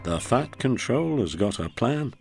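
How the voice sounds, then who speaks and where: A man doing a calm engine driver. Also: medium pitch, a little slow, creaky, soft background music.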